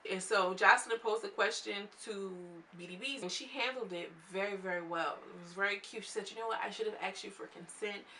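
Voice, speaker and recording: A woman's voice: medium pitch, fairly quick, hardly any pauses, slight background noise. A young woman recapping a reality show in a chatty, casual vlog, acting out what people said. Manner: chatty, animated, quotes people in voices. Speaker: reality TV reviewer.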